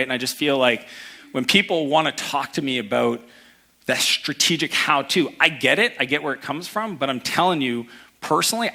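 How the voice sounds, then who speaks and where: Guy giving a pumped-up business talk on stage, bright forceful voice, jumps into characters mid-story. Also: medium pitch. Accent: Canadian. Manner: energetic storytelling, acts out voices in anecdotes. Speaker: keynote speaker. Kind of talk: live motivational talk. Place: event hall before a live audience.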